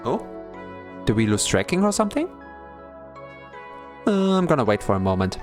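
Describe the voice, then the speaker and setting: A streamer playing a visual novel live, chatting and musing aloud about the story, giggling often and sometimes breaking into high excited squeals. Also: moderate pace, pauses often, faint music behind. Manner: bursts into high excited squeals when greeting; reads game narration in a soft, low, dreamy tone. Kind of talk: live-stream gameplay commentary.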